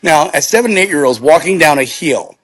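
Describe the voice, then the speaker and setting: A middle-aged man, a podcast guest, telling anecdotes in a casual, lively way and acting out the voices of the people in them. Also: a little high, brisk. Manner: animated storyteller acting out quotes.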